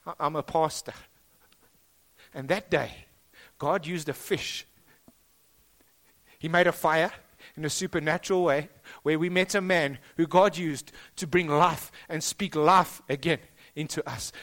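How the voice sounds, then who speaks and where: High-voiced South African man preaching. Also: moderate pace, fairly bright tone. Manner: emphatic, rising and dropping for stress, repeats phrases. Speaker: pastor. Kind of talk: sermon. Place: school hall.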